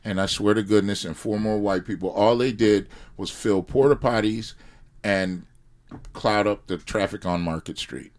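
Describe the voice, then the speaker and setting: Low male podcast guest, animated and preachy in casual chat. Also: normal speed. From United States. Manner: animated, preachy rants with loud swells. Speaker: podcast guest, sauce company founder.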